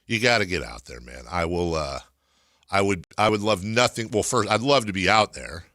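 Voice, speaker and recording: An American man hosting a casual sports talk radio show in a studio, talking in animated, rambling asides. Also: sits low, moderate pace, no room sound. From United States.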